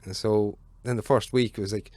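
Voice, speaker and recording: A man's voice: on the low side, steady tone, normal speed, darkish tone, no room sound. A man, a podcast guest telling rambling, sweary stories in casual chat.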